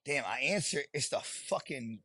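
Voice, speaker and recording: A man's voice: medium pitch, animated, moderate pace, bright, forceful tone, breathy edge, no echo. A retired Marine sergeant, a man, is a podcast guest telling war stories in a blunt, profane way and often laughing while he talks. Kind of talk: candid storytelling interview.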